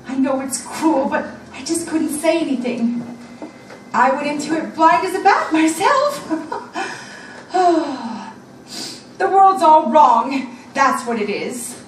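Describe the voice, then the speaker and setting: A woman's voice: very high-pitched, animated, slow, full character voice. A woman playing a wistful, fretful mother of the bride in a live stage play. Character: tearful mother of the bride, middle-aged woman. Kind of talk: live community stage acting. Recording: echoey theater from far off, faint noise.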